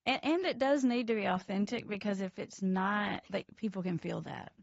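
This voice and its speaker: A woman with a gravelly, creaky voice speaks as an addiction counselor guest, animated and emphatic. The sound is dry and a bit dull, like lo-fi remote audio. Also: medium pitch, moderate pace, no room sound. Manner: animated, emphatic, laughs between points. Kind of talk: casual interview chat.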